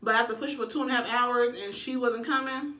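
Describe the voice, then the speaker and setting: A woman casually telling a personal story, animated and profane, acting out her own quoted lines. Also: a little high, fast, reverberant, recorded from a distance.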